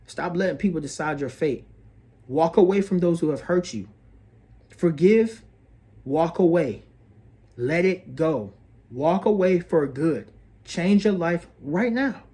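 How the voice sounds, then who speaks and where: Guy giving a preachy astrology pep talk, bit higher voice, keeps saying bro and sis. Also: lively intonation, slow, pauses often, warm tone. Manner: earnest, preachy, repeats phrases, calls listener bro and sis. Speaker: astrology video host. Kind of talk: motivational astrology monologue.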